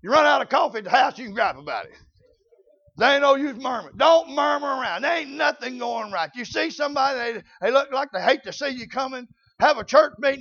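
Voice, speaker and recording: An older man preaching a folksy sermon, often shouting out his points. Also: very high-pitched, lively intonation, brisk, creaky, dull audio.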